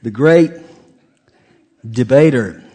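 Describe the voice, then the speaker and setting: A middle-aged male pastor preaching a sermon in a folksy, joking way, with big swings between loud and soft. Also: mid-range voice, lively intonation, takes it slowly, breathy edge.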